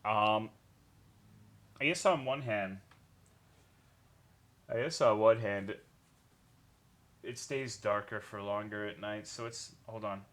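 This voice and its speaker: A man's voice: fairly low pitch, takes it slowly, long pauses, a bit bright. A young man streaming a game, chatting casually with his viewers in a rambling way, swearing often and greeting chat by name.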